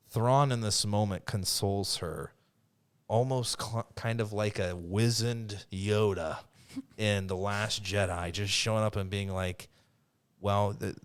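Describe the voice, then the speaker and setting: A man's voice: lowish voice, clean tone. A man co-hosting a podcast, rambling enthusiastically through his retellings in casual chat. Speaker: podcast co-host.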